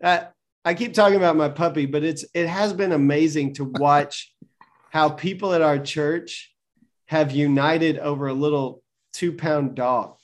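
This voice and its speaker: A man's voice: on the high side, steady tone, a little slow. A man from the Southern United States, co-hosting a casual faith podcast chat with a wry, joking manner. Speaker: podcast co-host, churchgoer.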